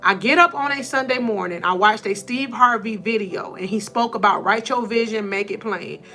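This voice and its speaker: Bright, high-voiced woman preaching to viewers. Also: normal speed, faint music behind. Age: adult with four sons. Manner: testimony storytelling, addresses viewers as y'all; emotional, laughs and tears up. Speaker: motivational livestream host. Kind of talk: faith-based motivational talk.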